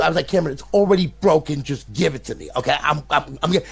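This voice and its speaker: A man's voice: fairly high pitch, lively intonation, quick pace, creaky, slightly rough, faint music behind. An older man, a console modder, telling a long story in a casual, rambling way, often repeating his words and swearing.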